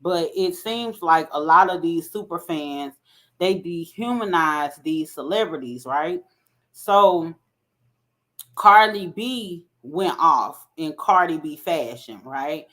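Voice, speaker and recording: A woman's voice: deep voice, animated, takes it slowly, a bit bright. A woman hosting a casual commentary vlog, talking conversationally and often checking in with "right?". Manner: conversational, keeps asking "right?". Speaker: commentary host.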